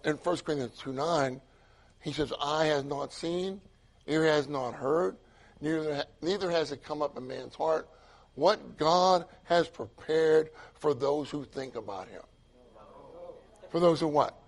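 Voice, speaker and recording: An older man preaching a sermon, excitable and repetitive, swinging from loud emphatic lines to hushed asides. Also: fairly high pitch.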